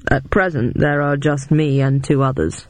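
A narrator voicing a calm, guarded middle-aged male agent who speaks slowly and quietly. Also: medium pitch, no room sound, close to an everyday voice. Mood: candid. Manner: slow, hushed, measured.

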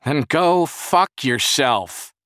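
A man's voice: lowish voice, animated, fast, fairly bright tone, no echo, studio quality. A male narrator voicing an irritable, paranoid man in constant pain who talks in tense, snapping bursts. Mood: bitter.

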